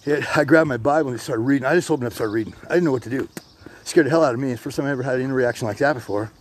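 A middle-aged man telling stories in casual, profane, animated speech as a podcast host. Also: medium pitch, racing, a little hiss or hum. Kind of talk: casual storytelling. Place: outdoors on a hilltop.

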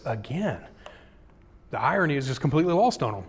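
A man preaching a casual, jokey sermon, acting out scripture quotes with dramatic swings in loudness and pitch. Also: expressive, normal speed, pauses often, husky. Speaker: pastor.

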